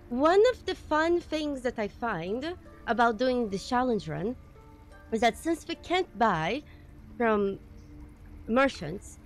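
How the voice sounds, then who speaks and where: A woman streaming a game live, reacting excitedly, swearing, and thanking viewers in casual chat. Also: on the high side. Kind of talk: live gameplay commentary.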